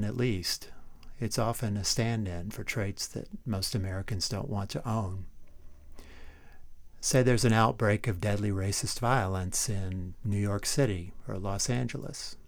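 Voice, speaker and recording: A man with a low, gravelly voice narrates a history podcast from a script. He stays wry and keeps posing rhetorical questions to the listener. The sound is close and dry, with no room around it. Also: no room sound. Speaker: podcast host.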